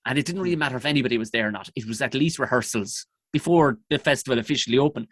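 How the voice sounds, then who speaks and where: A man's voice: mid-range voice, rapid-fire, few pauses, no echo. Irish male comedian, casual swearing storyteller, dry close sound. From Ireland. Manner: profane, animated anecdotes. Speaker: comedian guest.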